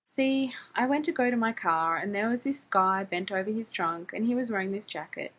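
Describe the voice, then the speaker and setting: A woman voicing an embarrassed, excitable young man who rambles on with lots of "like" and "man", in a husky voice. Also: medium pitch, normal speed, close to an everyday voice, low-quality recording. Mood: rambling. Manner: rambling, breathless, full of "like" and "man".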